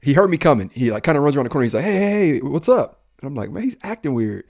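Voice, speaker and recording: A man's voice: mid-range voice, racing, creaky. A man co-hosting a podcast, a police officer telling a personal story in casual talk and acting out the voices of the people in it. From Central Ohio. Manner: animated, acts out quoted dialogue.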